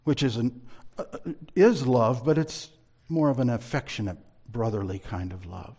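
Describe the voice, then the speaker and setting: A male Bible teacher delivering a sermon-style lesson at a middle pitch. He speaks in a measured, emphatic way and reads scripture passages aloud, leaning on the key words. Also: darkish tone, husky.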